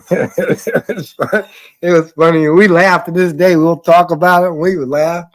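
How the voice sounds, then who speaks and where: A man's voice: on the high side, steady tone, a little slow. A man telling loose, profane stories in casual chat, rambling with fillers and laughing often. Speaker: podcast talker.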